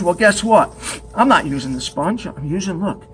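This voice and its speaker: A man's voice: high-pitched, animated, normal speed, a bit bright. A man teaching pottery at the wheel in a studio, chatty and joking as he demonstrates step by step.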